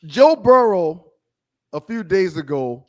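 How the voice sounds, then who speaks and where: High-voiced man posing pointed questions. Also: sing-song, a little mellow. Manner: leading questions, deliberate stresses. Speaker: sports talk co-host. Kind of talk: casual sports debate.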